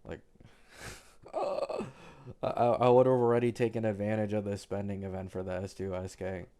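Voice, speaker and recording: A man's voice: on the low side, flat delivery, a little fast, mellow, clean tone. A young man from Canada with a slight Canadian accent, chatting casually on a livestream, reading viewer questions aloud in a laid-back, slangy way. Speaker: streamer answering chat.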